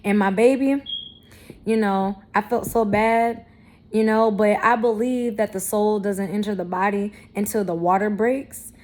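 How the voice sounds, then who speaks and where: A woman's voice: mid-range voice, fairly even intonation, a little slow, a little mellow. A woman in her thirties talking candidly to camera, blunt and profane, with emphatic, self-affirming spiritual talk. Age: 30s. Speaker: vlogger.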